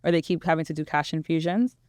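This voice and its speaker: A woman's voice: sits low, fast, darkish tone, no room sound. A woman interviewed as a guest accountant and money coach, explaining things confidently. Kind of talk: interview answers.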